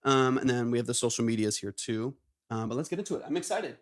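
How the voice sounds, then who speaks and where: A man hosting a live stream in casual chat, upbeat and quick to praise. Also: medium pitch, lively intonation. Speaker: live stream host reviewing music submissions.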